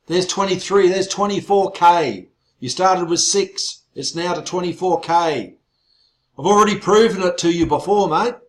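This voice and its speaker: Excitable man hosting a webinar. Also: high-pitched, moderate pace. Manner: excitable, gets loud, teasing banter. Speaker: webinar host. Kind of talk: online sales webinar presentation.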